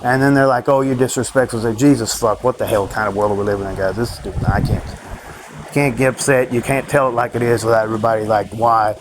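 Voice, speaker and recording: A man's voice: fairly low pitch, fairly even intonation, fast, background noise. Ranting man rambling into a vlog. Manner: frustrated, ranting, profane. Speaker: vlogger.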